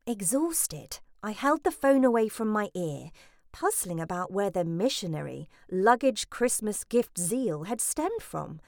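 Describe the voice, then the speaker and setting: A woman's voice: mid-range voice, very animated, unhurried, vocal fry, darkish tone, dry recording, studio quality. A woman reading a first-person audiobook in a wry, exasperated manner. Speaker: audiobook narrator.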